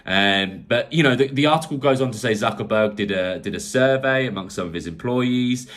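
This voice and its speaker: A man's voice: mid-range voice, brisk, fairly bright tone. A man from England co-hosting a casual tech podcast, talking in a rambling, chatty way with many fillers and restarts. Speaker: podcast co-host.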